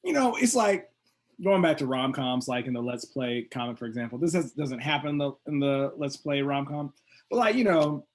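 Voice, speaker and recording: A man's voice: mid-range voice, animated, moderate pace. Chatty man riffing on rom-coms. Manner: rambling, puts on silly voices for jokes. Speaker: podcast co-host. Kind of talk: casual chat.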